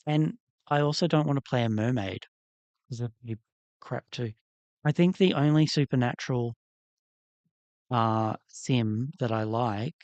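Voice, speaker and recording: A man's voice: mid-range voice, a little mellow, dry recording, lo-fi sound. Chatty man on a dry mic. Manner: rambling, chatty, candid asides. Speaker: livestream host. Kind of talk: casual livestream chat while working on a doll.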